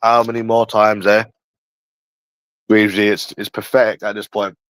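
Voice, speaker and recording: A man's voice: on the low side, flat delivery, normal speed, fairly bright tone, smooth, dry recording, rough recording. A man ranting casually on a livestream, blunt and profane, talking straight to a viewer in chat. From England. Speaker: livestream host.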